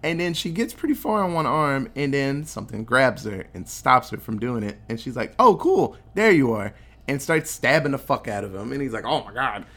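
A man chatting about a film he watched, telling the plot in a loose, profane way. He slips into quick impressions of the characters as he goes. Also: mid-range voice. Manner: animated storytelling, acting out quotes. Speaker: podcast co-host recapping a film. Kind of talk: casual chat, profane movie recap.

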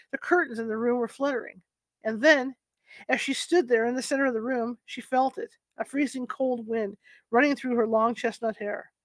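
A woman narrating an audiobook in a steady reading voice, with occasional slips and restarts. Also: a little high, no room sound.

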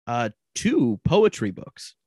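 A man's voice: mid-range voice, huge pitch swings, takes it slowly, dark tone, no echo. Man co-host asking questions, chuckling. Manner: hesitant, many uh fillers, chuckling. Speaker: podcast co-host. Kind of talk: casual interview chat.

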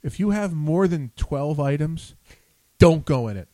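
A man's voice: fairly high pitch, lively intonation, a little slow, dark tone, no room sound. A man hosting a radio show, talking in a blunt, profane, rambling way with lots of restarts. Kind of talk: casual on-air chat.

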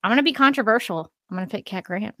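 A woman's voice: mid-range voice, very fast, pushed and bright, no room sound. A woman co-hosting a casual podcast who laughs often and asks questions, on a close mic. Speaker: podcast co-host.

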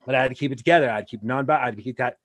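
A man's voice: mid-range voice, racing, no echo. A man from Wyoming hosting a casual interview, telling rambling anecdotes full of restarts. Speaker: podcast host.

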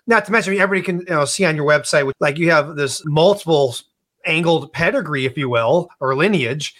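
A man's voice: a little high, fairly quick, a bit bright. A man hosting an interview, talking casually and enthusiastically with lots of fillers. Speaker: podcast host.

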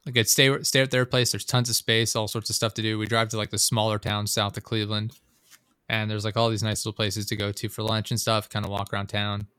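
A man's voice: lowish voice, little pitch movement, brisk, sharp tone, smooth, no echo, clean studio sound. Rambling, profane young man telling stories. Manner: rambling, profane storytelling with frequent fillers. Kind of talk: casual chat.

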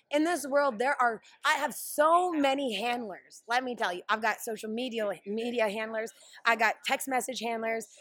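A woman who wrestles professionally, telling stories in a brash, animated way during a casual interview. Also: on the high side. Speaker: pro wrestler.

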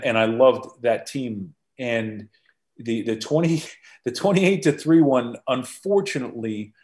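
With a mid-pitched voice squarely in the ordinary range, a former football executive guests on a podcast and shares stories from his own experience. He's lively in the telling but keeps breaking off and restarting sentences, in a conversational interview style.

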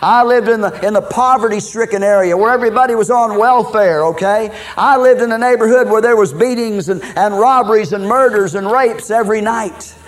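A man's voice: sits high, brisk, few pauses. A middle-aged man from Minnesota preaching his own life story as a sermon, folksy and dramatic, often adding "man" and "okay". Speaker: preacher giving his testimony. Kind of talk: sermon testimony.

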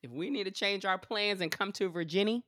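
A woman's voice: mid-range voice, fairly quick, fairly bright tone, no echo, clean studio sound. A woman co-hosting a casual chat with friends, blunt and profane, teasing with affection.

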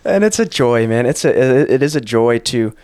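Podcast host guy, mid-pitched, thoughtful, kinda wry. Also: lively intonation, fairly quick, darkish tone. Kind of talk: casual spiritual chat.

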